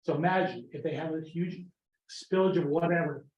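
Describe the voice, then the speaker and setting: Man in his fifties, blunt, fairly high voice, echoey room, dull lo-fi sound. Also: moderate pace. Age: 50s. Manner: blunt, scornful. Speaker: resident speaking at public comment. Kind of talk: public comment at town meeting. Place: town meeting room.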